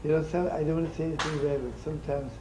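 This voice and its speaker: An older man, a rabbi, teaching in an animated, chatty sermon full of stories and jokes, using Yiddish and Hebrew terms. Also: on the high side, rapid-fire, background noise.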